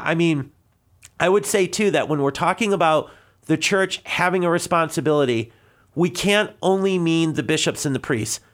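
A man from Connecticut answering a caller on a live radio show, a little out of breath, earnest and rambling with many restarts. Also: a little high. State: slightly out of breath. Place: radio studio.

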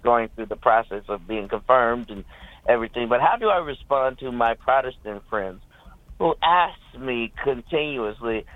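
A male caller, native Hebrew speaker, asking a question on a radio show in a hesitant, halting way. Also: medium pitch, expressive, no room sound. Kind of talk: phone-in question. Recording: tinny phone line.

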